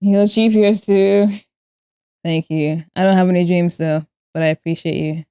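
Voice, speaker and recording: A woman's voice: fairly low pitch, steady tone, moderate pace, mellow, clear, resonant tone, no echo, highs cut off. A young woman streamer chatting casually and playfully with her viewers while she draws, often breaking into giggles. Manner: playful, giggly, talks to chat. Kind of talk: casual live-stream chat while drawing.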